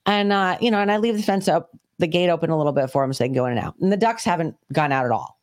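A woman co-hosting a podcast, telling a story in casual chat, animated and swearing freely. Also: lowish voice, racing. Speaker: podcast co-host.

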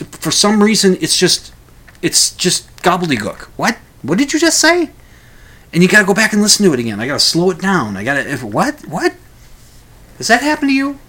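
A man hosting a podcast, delivering a casual solo monologue in a rambling, animated way with frequent restarts. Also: fairly high pitch.

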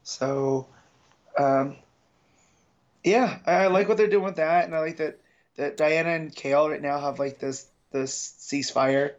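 A man co-hosting a casual comic book review podcast, speaking in a relaxed, halting way with frequent restarts. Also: on the high side. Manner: relaxed, hesitant, many restarts and likes. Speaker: podcast co-host. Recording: dull lo-fi mic.

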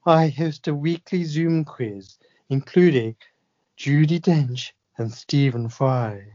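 A woman's voice: low-pitched, mellow, no echo, dull audio. A woman impersonating a posh older actress. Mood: grand. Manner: posh, slow, plummy.

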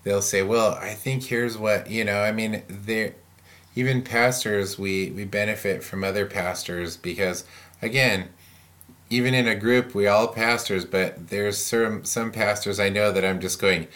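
A man's voice: on the low side, steady tone, measured pace, a bit bright. A man who is a pastor, chatting casually on a podcast, acting out quoted voices and laughing often. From Pacific Northwest US.

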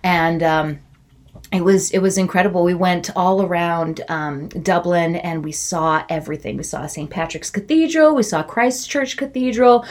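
A young adult woman chatting casually as a guest, telling a lively story and acting out the quotes. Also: moderate pace. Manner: animated storyteller, acts out quotes with big pitch jumps. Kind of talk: casual chat.

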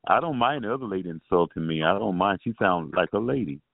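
A man's voice: deep voice, animated, fast, gravelly, dry recording. A man calling into a chatline, arguing on the phone and insisting as he repeats himself over and over. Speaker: chatline caller. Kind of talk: heated phone argument. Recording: tinny phone line.

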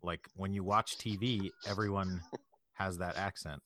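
A man's voice: deep voice, steady tone, measured pace, pushed and bright, slight background noise. A man hosting a casual podcast, asking his guest conversational questions. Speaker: podcast host. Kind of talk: casual chat.

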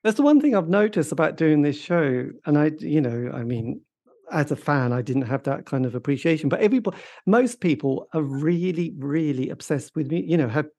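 A man hosts a casual interview and asks long, meandering questions. He often cuts in with short reactions. His voice sits a little high. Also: animated, moderate pace, dark tone. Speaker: podcast host.

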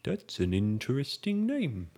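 A big, good-natured strongman adventurer, played by a man, with a husky voice. His speech leaps about very widely in pitch, and he is cheerful and keen to help. He is a tabletop game character. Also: wildly swooping pitch, a little slow, a little mellow, heavily acted. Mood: eager. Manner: eager, cheerful and chatty. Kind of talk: tabletop role-play.

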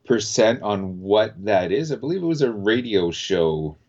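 A man's voice: lowish voice, expressive, unhurried, darkish tone. Laid-back man on a dull recording. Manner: laid-back, easygoing, rambling. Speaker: podcast co-host. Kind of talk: casual chat.

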